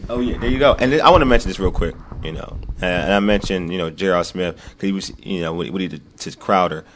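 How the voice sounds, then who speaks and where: Animated man debating basketball. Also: fast, a little hiss or hum. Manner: animated, repeats himself, drops into low muttering asides. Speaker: sports talk host. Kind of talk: casual sports debate.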